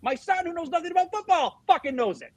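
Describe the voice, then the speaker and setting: A man's voice: extremely high pitch, expressive, fast talker, poor audio. A middle-aged man co-hosting a sports show, venting in heated, profane casual chat about his team's loss. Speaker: sports podcast co-host.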